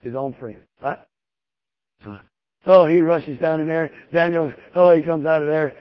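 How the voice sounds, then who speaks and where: A man's voice: on the high side, steady tone, unhurried, no room sound, lo-fi sound. A man preaches a sermon in a folksy, emphatic, repetitive way.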